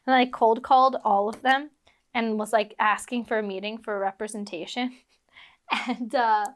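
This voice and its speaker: Speaking at a normal speed with a steady tone and a slightly high voice, this woman is a guest actress from Philadelphia, United States. She builds bricks as she talks casually, wandering off-topic with many fillers and chuckling at herself when her attention drifts.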